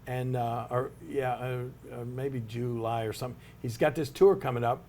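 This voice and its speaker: A man's voice: medium pitch, steady tone, fairly quick, hardly any pauses, a little mellow, a little hiss or hum. An older man, telling a long anecdote in an interview with many restarts and asides. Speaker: interview subject, retired wrestler. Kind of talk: storytelling in an interview.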